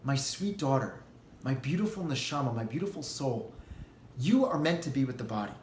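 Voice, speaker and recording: A man voicing God as a hushed loving father. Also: mid-range voice, animated, normal speed, roomy sound, a little hiss or hum, pitched below the performer's own voice, lightly acted. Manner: soft, hushed, tender.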